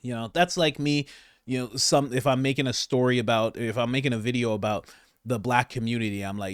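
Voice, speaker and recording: A man hosting political commentary over clips, sarcastic and animated, laughing often. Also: mid-range voice, brisk, clear, resonant tone, dry recording, studio quality.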